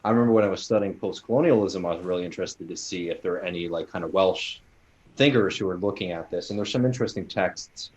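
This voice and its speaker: A man's voice: sits low, fast, darkish tone, muffled recording. An American man co-hosting a casual panel chat, reading listener questions and rambling with many fillers. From United States.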